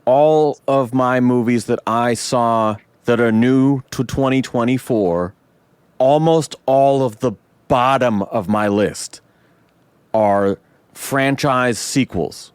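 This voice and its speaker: Animated, foul-mouthed man venting. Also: mid-range voice, takes it slowly, clean tone, no echo. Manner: animated, swears and vents loudly. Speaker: podcast host. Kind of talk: casual film discussion.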